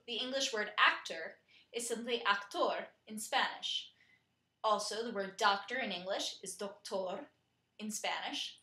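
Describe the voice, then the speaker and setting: A woman narrating a scripted lesson in a clear, steady way, slowing down to spell out and pronounce words. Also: a little high, echoey room. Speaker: teacher.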